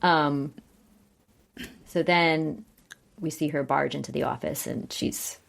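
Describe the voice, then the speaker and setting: A woman's voice: low voice, slow pace, creaky. A young adult woman co-hosting a podcast, chatting casually and recapping scenes, often acting out what characters say. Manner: quotes characters in lively voices, chatty, laughs often. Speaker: podcast co-host.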